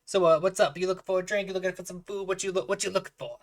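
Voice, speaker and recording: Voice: medium pitch, steady tone, rapid-fire, pitched above the performer's own voice, lightly acted. A game master voicing an older male halfling bartender who chats like a salesman and repeats himself, improvised at a tabletop game. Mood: cheery. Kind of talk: improvised tabletop role-play voice.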